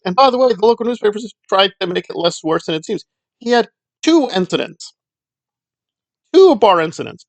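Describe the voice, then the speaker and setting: A man's voice: sits high, vocal fry, no room sound. A man hosting a casual solo commentary, talking in a sarcastic, dismissive way. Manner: sarcastic, dismissive, with mocking quoted voices. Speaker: commentary channel host.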